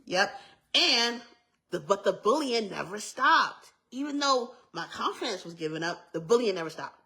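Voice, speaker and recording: A woman's voice: mid-range voice, sing-song, normal speed, sharp tone. A young adult woman giving an earnest, emphatic personal testimony in a casual way, repeating herself and adding asides. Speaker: vlogger sharing a testimony.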